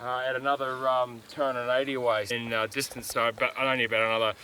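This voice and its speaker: A man talks to camera on a steep mountainside in an easygoing, rambling way, full of little fillers. His voice sits at an ordinary middle pitch, with faint wind and outdoor ambience around him. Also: quick pace, low-quality recording. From Australia. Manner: relaxed, chatty, lots of filler words. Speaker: hunter filming a hunt. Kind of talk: casual on-camera hunting vlog.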